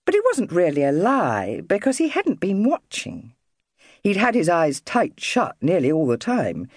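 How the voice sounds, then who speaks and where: A woman narrating a children's audiobook in an expressive storytelling manner. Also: lowish voice, a little slow, slightly rough, no echo, studio quality.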